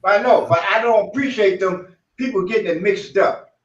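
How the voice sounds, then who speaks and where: A man's voice: high-pitched, moderate pace. A man from the United States telling blunt, profane stories as a co-host on a casual show. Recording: roomy, distant, dull sound.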